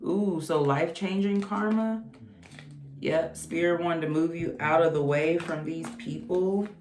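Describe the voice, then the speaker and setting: Low-pitched woman, chatty tarot reader, echoey room. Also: unhurried, darkish tone, a little hiss or hum. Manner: casual, chatty, exclamatory. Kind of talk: channeled tarot reading.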